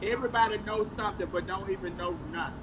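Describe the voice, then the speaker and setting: A male livestream host with a very high voice talks in a heated way and often restarts his words. Clear noise and passing vehicles sit behind his voice. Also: fast talker, fairly bright tone, low-quality recording. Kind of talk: casual livestream talk.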